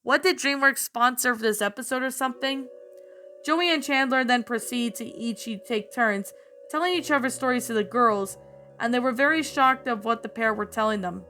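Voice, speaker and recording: A woman narrates a fan story aloud, tripping over words and restarting them as she goes. Her voice is bright and sits fairly high. Soft music runs quietly underneath. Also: normal speed. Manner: stumbles and restarts while reading.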